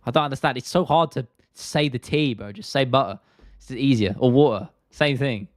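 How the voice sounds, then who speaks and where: A man's voice: mid-range voice, normal speed, no echo. South London male streamer, mid-range voice, casual and blunt, dry close sound. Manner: chatty, blunt, swears freely, drops T's. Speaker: MMA stream host. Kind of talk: casual live-stream chat reading viewer comments.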